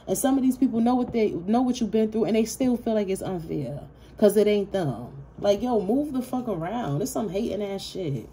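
A tarot-reading woman speaks in with a low, mellow, dark-toned voice. She is blunt and swears freely, circling back on the same phrases to drive each point home. A faint hiss of background noise sits under the recording. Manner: blunt, profane, repetitive and emphatic. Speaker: tarot reader. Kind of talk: casual collective tarot reading.

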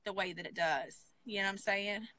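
A woman's voice: medium pitch, steady tone, brisk, bright, forceful tone, dry recording. A woman, talking in a brash, profane way in a casual chat as co-host. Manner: brash, profane, storytelling with acted quotes.

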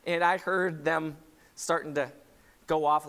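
A man's voice: a little high, fairly even intonation, measured pace, creaky, a bit bright, clear, resonant tone. A man preaching a sermon as pastor, talking conversationally and asking the congregation direct questions. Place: church sanctuary. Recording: long church hall reverb.

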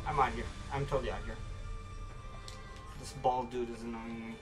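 A man streaming a video game, talking casually to his viewers and reacting excitedly as he plays. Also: medium pitch, moderate pace, long pauses, faint music behind. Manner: excitable, talks to viewers while playing. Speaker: gaming streamer. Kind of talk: casual let's-play commentary.

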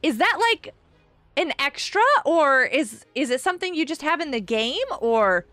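A woman's voice: high voice, very animated, normal speed, fairly bright tone, no echo, faint music behind. A woman hosting a live game stream, bubbly and gushing as she greets viewers in chat by name.

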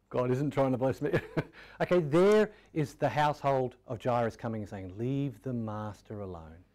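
A man preaching a sermon in a conversational way, asking rhetorical questions and often dropping to a soft, quiet tone. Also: mid-range voice, vocal fry. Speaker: pastor.

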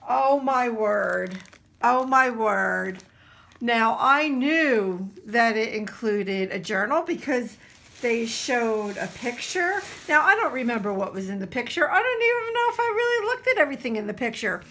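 A woman from New Jersey chatting casually to her camera as she unboxes craft supplies, gushing and excited, with lots of fillers. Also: fairly high pitch, a little slow. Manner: gushing and excitable, full of exclamations. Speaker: craft vlogger.

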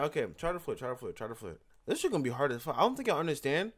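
Animated, joking man narrating a game. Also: a little high, very fast, hardly any pauses. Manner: animated, joking, profane, talks to the game characters. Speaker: gaming channel host. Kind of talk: casual let's-play commentary.

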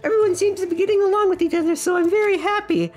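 Shrill, excitable anime students, put on by a woman reading game lines aloud. She squeals every line in an exaggerated, over-the-top way. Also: rapid-fire. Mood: cheery.

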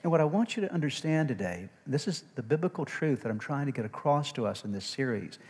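A male pastor preaching a sermon. He engages the congregation with call-and-response checks and swings from loud, emphatic preaching to quiet asides. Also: medium pitch, lively intonation, fast talker, husky. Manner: call-and-response, frequent "amen?" and "okay?" checks. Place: church sanctuary. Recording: long reverb of a large church hall.

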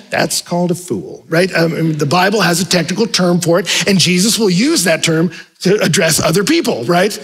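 A male pastor preaching a sermon in a conversational, animated way, acting out quick asides. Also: high-pitched, slightly rough, rough recording.

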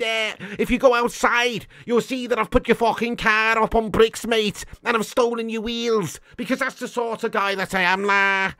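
A man's voice: extremely high pitch, pushed and bright, no room sound. A man putting on a brash football pundit from Liverpool in a put-on Scouse accent.

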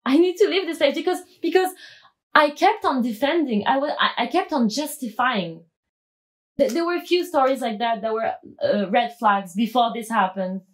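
A woman guest telling her story in a podcast interview, animated and acting out quoted dialogue, with frequent restarts. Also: on the high side, normal speed.

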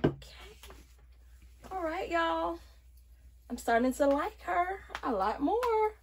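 A young woman chatting playfully to her viewers as she reviews a wig, exuberant and quick to laugh. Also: extremely high pitch, expressive, slight background noise. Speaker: beauty vlogger reviewing a wig. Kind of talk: casual chatty vlog.

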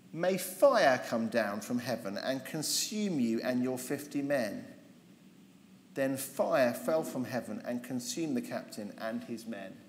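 A man teaching a Bible seminar, telling the story with lively irony and humour and acting out the characters. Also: mid-range voice. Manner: lively, humorous, ironic storytelling, acting out voices. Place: large convention hall. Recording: roomy hall reverb, faint noise.

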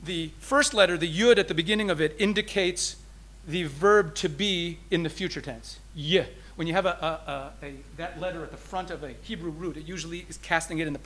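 A rabbi, a man with a fairly high pitch, explains his teaching to an audience. He swings between emphasis and softness, taking key phrases slowly.

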